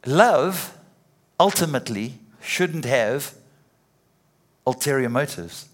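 A middle-aged man preaching in a loose, chatty way, repeating words as he builds a point. His voice is slightly husky and sits at an ordinary middle pitch for a man. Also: lively intonation, measured pace. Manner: conversational, with repetitions and playful acted quotes. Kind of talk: sermon.

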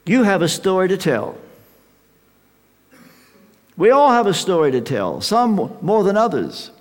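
An older man preaching a sermon, slow and emphatic with dramatic pauses. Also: high voice, big pitch swings. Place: large hall with an audience. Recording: reverberant hall sound.

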